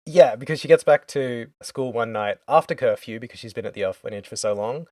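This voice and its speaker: A man's voice: medium pitch, a little fast, darkish tone, no echo, studio quality. A man co-hosting a podcast, casually recapping a story game's plot and dropping into quoted character lines. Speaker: podcast co-host. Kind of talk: casual game recap chat.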